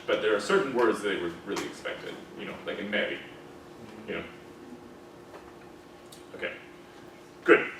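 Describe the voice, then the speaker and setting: A man with a slightly low voice leads a diction class for singers, explaining pronunciation in an easygoing, conversational way. He demonstrates vowel sounds aloud and keeps checking that the students follow. The recording is distant and very echoey, with a faint hiss. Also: a bit bright. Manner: conversational, checks understanding with frequent "okay?" and "right?". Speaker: diction teacher. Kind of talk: classroom lecture on British received pronunciation for singers. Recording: echoey room, mic far off, faint noise.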